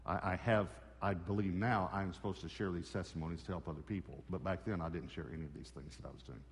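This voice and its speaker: A man's voice: low-pitched, fairly even intonation, fast, long reverb tail, a little hiss or hum. A man preaching a sermon, telling a personal story and acting out the conversations in it. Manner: storytelling, acts out dialogue with God. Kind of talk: sermon testimony.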